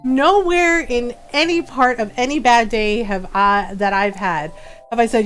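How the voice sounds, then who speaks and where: A woman's voice: on the high side, big pitch swings, slow pace, fairly bright tone, faint music behind. A woman hosting a livestream, talking in a heated, emphatic way and repeating her points. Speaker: livestream gamer host. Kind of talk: casual livestream chat.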